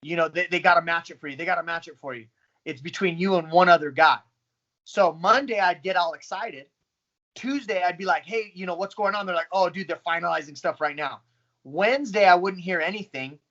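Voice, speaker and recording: A man in his thirties, a professional fighter, telling his story in a casual, profane, animated way. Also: high-pitched, brisk, muffled recording. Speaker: pro fighter. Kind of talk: casual interview talk.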